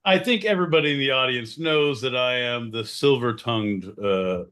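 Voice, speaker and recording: A man co-hosting a podcast, joking loudly, interrupting and swearing, with sudden jumps in pitch. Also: moderate pace, clean tone. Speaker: podcast co-host. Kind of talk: rowdy comedic banter.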